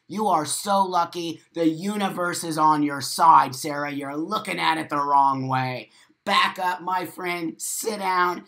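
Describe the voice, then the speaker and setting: A man's voice: fairly high pitch, pushed and bright. Blunt, profane man hosting a live stream. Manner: blunt, profane and emphatic, with lots of repetition. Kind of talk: casual live-stream chat reading viewer comments.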